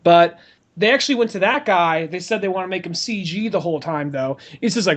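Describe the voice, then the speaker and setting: A man's voice: sits high, lively intonation, a little fast. A man co-hosting a podcast in casual chat, easygoing and often hedging his claims. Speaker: podcast co-host.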